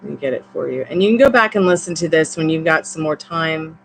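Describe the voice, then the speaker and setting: A woman's voice: sits low, lively intonation, fast talker, gravelly, a little hiss or hum, low-quality recording. A woman with a Southern accent gives a live-streamed tarot reading in a chatty, encouraging, rambling way. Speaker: tarot reader.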